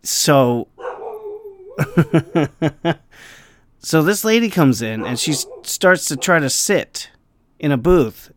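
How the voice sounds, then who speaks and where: A man's voice: a little high, lively intonation, measured pace, long pauses. A man who works as a restaurant server, rambling through a casual story and acting out the people in it. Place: near Los Angeles.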